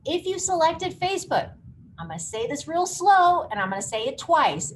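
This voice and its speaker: A woman's voice: high voice, sing-song, a little fast. A woman hosting a live online marketing workshop, coaching emphatically. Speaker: workshop host. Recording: noisy background hiss.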